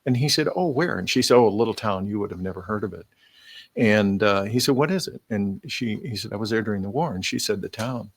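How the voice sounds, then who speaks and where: Older man telling an animated war story. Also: lowish voice, fast, no room sound. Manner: animated anecdote teller, acting out quoted dialogue. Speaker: guest. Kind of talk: casual storytelling. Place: radio studio.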